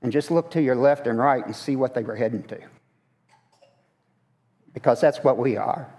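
In a church sanctuary with long hall reverb, a man with a dark, mid-range voice preaches a conversational sermon at a moderate pace, posing questions to the congregation as he goes.

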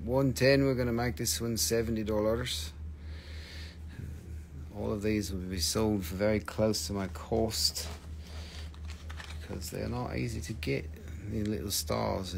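A man hosting a live sale of stones, talking in halting, broken English with fillers while he names prices. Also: lowish voice, vocal fry, a little hiss or hum. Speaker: host of a live crystal sale. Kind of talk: live sales patter. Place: shop, indoors.

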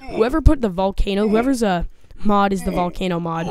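Commentating her own gameplay, a woman gets jumpy and chatters anxiously both to herself and to the monsters on screen in this let's play video. Her voice is medium-pitched and darkish, moving a little fast.

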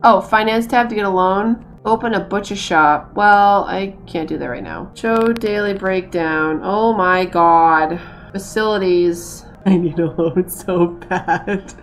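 A woman's voice: mid-range voice, takes it slowly. An American woman giving casual, self-mocking commentary as she plays a game, laughing often as she talks. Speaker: gaming streamer. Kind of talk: casual let's-play commentary.

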